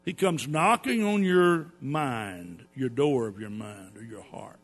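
A man's voice: medium pitch, lively intonation, slow, soft background music. Man preaching in an echoing hall. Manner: preaching with dramatic rises and drops in loudness. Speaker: pastor. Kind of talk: sermon. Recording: long hall reverb with mains hum.

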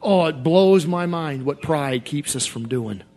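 A high-voiced man delivers a sermon with an emphatic, repetitive cadence and lively intonation at a measured pace. He sinks into quiet confession, then climbs back up into shouted outbursts.

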